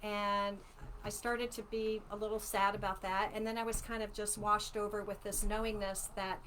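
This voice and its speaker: A woman in her sixties, an author chatting casually with viewers on a home livestream, animated and chatty. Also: mid-range voice, normal speed, a little hiss or hum. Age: 60s. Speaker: author hosting a live book launch.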